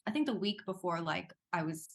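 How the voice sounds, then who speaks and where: Chatty, animated woman actress. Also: on the low side. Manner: chatty and animated, quick laughs. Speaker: actress and interview guest. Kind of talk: casual interview talk.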